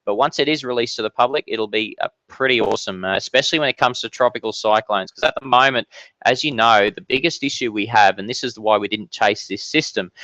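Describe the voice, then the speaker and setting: A man's voice: lowish voice, bright, forceful tone, dry recording, lo-fi sound. A man hosting a casual live-stream Q&A from his home office, chatty and upbeat with many fillers and restarts. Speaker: weather channel host answering viewer questions.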